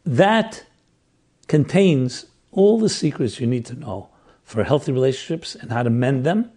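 A man speaks earnestly about relationships and faith, stacking phrase after phrase as he explains. His voice is husky and wearing thin. He talks at an ordinary middle pitch. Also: dark tone. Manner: earnest, explains with lists and repetition. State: losing his voice. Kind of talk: religious talk.

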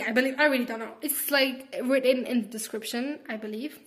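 A woman's voice: fairly high pitch, fairly quick, hardly any pauses, a bit bright. An eighteen-year-old woman hosting her own podcast, rambling casually with lots of fillers and calling her listeners sweetie. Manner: chatty and rambling, heavy on "like" and "whatever"; affectionate toward listeners, calls them sweetie. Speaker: podcast host. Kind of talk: casual solo podcast monologue.

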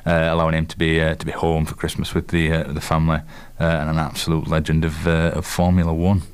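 Man, Yorkshire accent, very deep voice, smooth resonant tone, halting casual sports chat. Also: completely flat delivery. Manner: halting, lots of fillers and restarts. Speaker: co-host and quiz master.

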